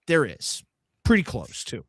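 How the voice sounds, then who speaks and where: A man hosting a live podcast, telling a trip story in a profane, animated way and acting out the other people's voices. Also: medium pitch, a little slow, breathy edge, no echo, clean studio sound. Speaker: podcast host.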